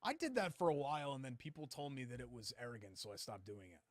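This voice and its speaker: A man's voice: medium pitch, very animated, fast, no room sound. A middle-aged man co-hosting a sports talk show, bragging in a playful, self-mocking way during casual banter in a studio. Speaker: co-host.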